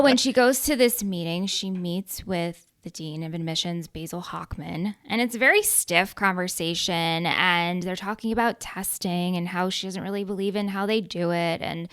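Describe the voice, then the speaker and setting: A woman co-hosting a podcast who retells scenes with lively energy and reads out listener questions. Her voice comes across smooth and clear, close to the mic in a dry space. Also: mid-range voice, no echo. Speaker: podcast co-host. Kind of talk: casual chat recapping a TV episode.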